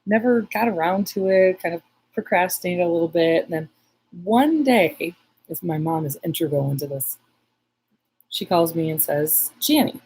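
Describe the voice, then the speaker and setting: A woman's voice: lowish voice, expressive, moderate pace, a little mellow, breathy edge, low-quality recording. A woman psychic medium telling a story in a casual live stream, rambling with many restarts and reading viewer comments aloud.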